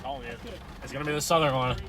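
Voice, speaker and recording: A man's voice: medium pitch, fast talker. A man chatting on a roadside during a storm chase, confidently calling what the storm will do. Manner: animated, confident predictions. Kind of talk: casual chat. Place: outdoors on a roadside.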